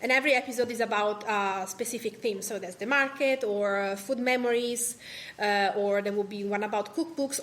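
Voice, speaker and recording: A woman with a clear Italian accent talks about her work at a live panel event, chatty and loose, with plenty of fillers and restarts. Her voice sits a little high. A faint hiss of background noise lies under the recording. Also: a bit bright. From Italy. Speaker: podcast host and food writer. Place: cultural association event room.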